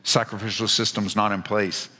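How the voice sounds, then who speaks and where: A man's voice: flat delivery, moderate pace, pushed and bright. A male pastor preaching, reading scripture and then applying it with passionate, rising emphasis and repeated words. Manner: impassioned, rising pitch in emphatic stretches; repeats words when stressing a point. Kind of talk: sermon. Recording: long hall reverb.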